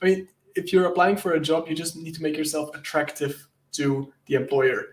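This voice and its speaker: An enthusiastic man speaks as a guest in a casual interview, his voice a touch high as he rambles and laughs at his own jokes. He sounds like a hacker talking shop with friends. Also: fairly quick. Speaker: guest, penetration tester and content creator.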